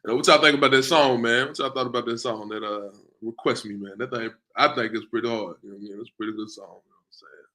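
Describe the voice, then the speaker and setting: A man's voice: mid-range voice, steady tone, fast, pushed and bright, low-quality recording. A man hosting an online class in a loose, casual way, often tacking on "man" and "you know what I'm saying". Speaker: class host.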